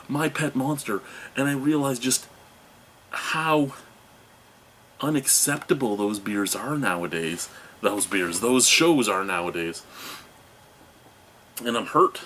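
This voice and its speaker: A man's voice: mid-range voice, measured pace, fairly bright tone, a little hiss or hum. A man in his thirties hosting a beer review from a home room, rambling in a jokey, self-mocking way. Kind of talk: casual video review. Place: home room with cartoon toys behind him.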